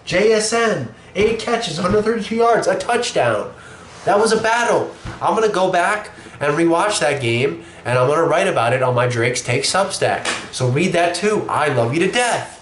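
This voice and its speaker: A man's voice: on the high side, lively intonation, moderate pace, a bit bright. A young man hosting a casual sports opinion show, blunt and profane, sick with a cough. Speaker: show host. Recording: echoey room with faint noise.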